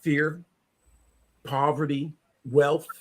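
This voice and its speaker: A man's voice: fairly high pitch, level tone, very slow. A man, a paranormal investigator, chatting as a guest on a podcast in a rambling, preachy way that repeats itself. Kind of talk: casual podcast chat.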